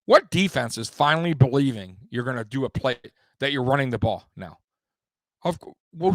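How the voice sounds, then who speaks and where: Swearing sports host, dry close sound. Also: male voice, fairly high pitch, normal speed, dry recording. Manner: profane, swearing freely; rambling, with restarts and loud bursts. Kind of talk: casual live-stream sports talk.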